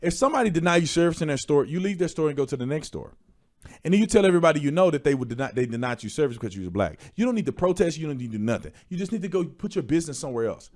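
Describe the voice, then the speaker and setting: Animated preachy man with a drawl. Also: fairly high pitch, rapid-fire. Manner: preachy, rising to shouted emphasis. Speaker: livestream host. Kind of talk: opinion commentary stream.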